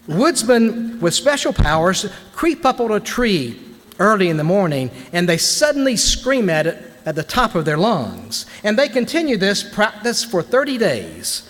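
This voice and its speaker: A man delivers a devotional sermon in a slightly higher-than-usual voice. He swings between loud bursts and quiet, hushed lines. His words echo with the long reverb of a large legislative chamber, picked up by a podium microphone. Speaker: guest minister giving a devotional to lawmakers. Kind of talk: sermon-style devotional address.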